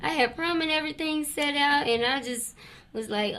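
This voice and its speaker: A woman's voice: high voice, moderate pace, soft background music. A woman in her twenties, a guest on a talk show, giving a personal testimony and animatedly acting out what she and others said. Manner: animated storytelling, acting out her own past words.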